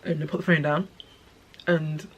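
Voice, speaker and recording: A young woman telling a personal story in her vlog, tearful and halting, with many pauses and restarts. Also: deep voice, little pitch movement, breathy edge, highs cut off. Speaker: vlogger.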